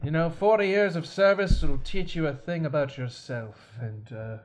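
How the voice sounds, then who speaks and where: A man's voice: a little high, normal speed, a loud crowd, close to an everyday voice. A man playing a courteous aging flight attendant in a fancy put-on voice during an improv scene. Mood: gentle. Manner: gentle and courteous. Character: aging male flight attendant, kind, proper.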